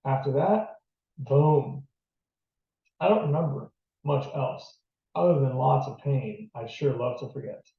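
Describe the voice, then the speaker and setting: A man with a gravelly voice voicing a stern, skeptical middle-aged woman nurse in a read-aloud novel, heard from a distance in a roomy space on a dull lo-fi recording. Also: medium pitch, a little slow, long pauses, close to an everyday voice. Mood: recounting. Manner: sharp and incredulous.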